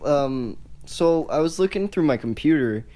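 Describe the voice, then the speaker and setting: A teenage boy co-hosting a casual podcast, telling stories in a relaxed way and laughing often. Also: fairly high pitch, moderate pace, noisy background. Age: teens. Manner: relaxed storytelling, laughs a lot. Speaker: podcast co-host. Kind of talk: casual chat.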